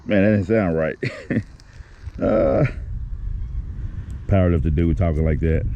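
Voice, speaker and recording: A man fishing at a neighborhood pond talks his viewers through every bite in a chatty, excitable way. His voice sits very low and deep. The outdoor recording sounds a little dull and muffled, with a faint hiss of wind and water behind him. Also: measured pace. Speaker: fishing vlogger. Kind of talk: casual running commentary to viewers.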